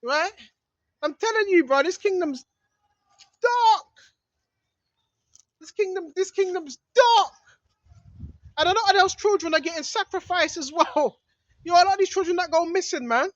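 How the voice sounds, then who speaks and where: A man preaches on a vlog from a small hidden spot in the woods. His voice sits high, and he rambles with emphasis, often tacking on "right?". The sound is dull and lo-fi, with very little echo. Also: moderate pace, long pauses. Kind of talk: outdoor religious vlog monologue.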